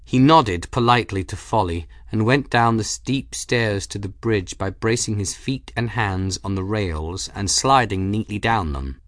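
A man narrating a fantasy audiobook in measured, even scripted narration. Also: fairly low pitch, no room sound, clean studio sound.

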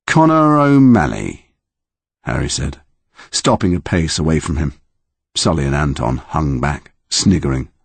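Deep husky male narrator. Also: normal speed, dry recording. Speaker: audiobook narrator. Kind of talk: scripted narration.

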